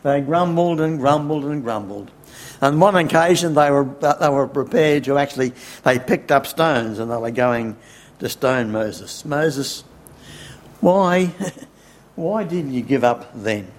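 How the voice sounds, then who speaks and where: A man preaching a sermon, unhurried, asking rhetorical questions and chuckling wryly. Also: mid-range voice, expressive.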